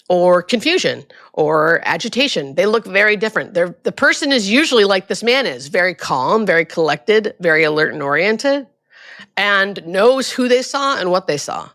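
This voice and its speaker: Middle-aged woman guest, lively storyteller, jumps high when quoting others. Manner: animated, acts out quoted voices with high pitch jumps. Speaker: hospice nurse guest. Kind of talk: conversational storytelling interview.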